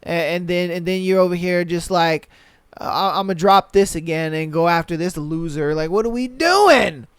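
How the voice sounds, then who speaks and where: A young man hosting a podcast, reading listener stories aloud and reacting with animated, profane commentary. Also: high-pitched, normal speed, smooth, no room sound, studio quality. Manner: animated, swears a lot, mocks with put-on quotes. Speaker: podcast host.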